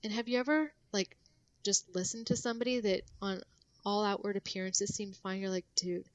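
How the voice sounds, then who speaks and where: A woman's voice: mid-range voice, steady tone, a little fast, dry recording. A woman guest on a podcast, explaining things casually with lots of fillers and restarts.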